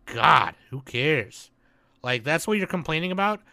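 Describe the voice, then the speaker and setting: Ranting man with a bright, forceful voice. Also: on the high side, expressive, unhurried, vocal fry, dry recording, studio quality. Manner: ranting, loud, profane, swings between shouting and muttering. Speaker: podcast co-host. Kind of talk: casual chat.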